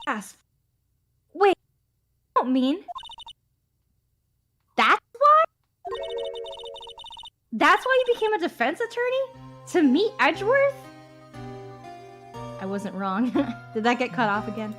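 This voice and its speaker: A woman doing a live fan voicing of a game with friends, gushing and giggly, also reading an excitable young sidekick. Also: a little high, unhurried, pauses often, faint music behind, pitched below the performer's own voice. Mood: shocked. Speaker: fan voice actor.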